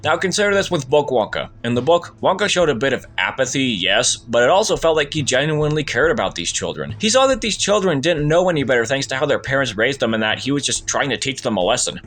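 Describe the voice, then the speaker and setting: A young man giving a scripted, sarcastic commentary review with an exasperated edge. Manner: sarcastic, exasperated, lively swings in pitch. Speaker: video essayist.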